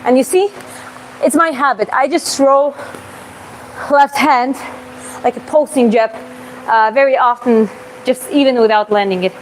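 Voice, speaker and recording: Woman, boxing coach, fairly high voice, casual explaining, punch sounds, gym, faint background noise. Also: measured pace, long pauses, rough recording. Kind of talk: live Q&A while demonstrating combos.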